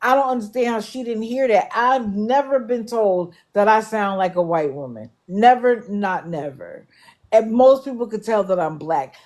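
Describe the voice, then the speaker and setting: A woman's voice: medium pitch, animated, moderate pace, darkish tone. A woman hosting a live stream, talking bluntly and with exasperation to her viewers. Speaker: livestream host. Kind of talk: casual commentary. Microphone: live stream setup.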